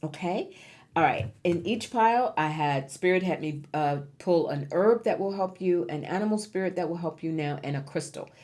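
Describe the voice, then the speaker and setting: A woman with a low voice reads tarot cards for viewers. She is encouraging and emphatic, and she leans on repeated key words to drive each point home. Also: moderate pace, darkish tone. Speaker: tarot reader. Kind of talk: pick-a-card tarot reading.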